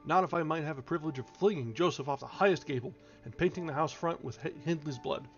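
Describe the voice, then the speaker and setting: A man reading a classic novel aloud for a livestream, expressive and steady, with the odd slip and restart. His voice sits slightly high. The recording is dull and lo-fi, with faint music playing underneath. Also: quick pace. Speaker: audiobook reader.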